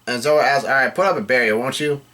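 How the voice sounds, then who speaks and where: A man's voice: medium pitch, bright, forceful tone. A man giving a casual read-through of a comic chapter, relaying the characters' lines in a plain voice and often correcting himself as he goes. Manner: halting, self-correcting delivery. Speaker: manga chapter recapper.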